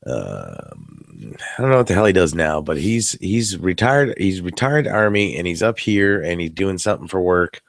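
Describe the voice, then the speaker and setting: A man's voice: low-pitched, big pitch swings, moderate pace, vocal fry, dry recording. A tired man co-hosting a casual late-night podcast chat, rambling and joking, swearing now and then. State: tired, yawning. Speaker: podcast co-host. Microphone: webcam setup.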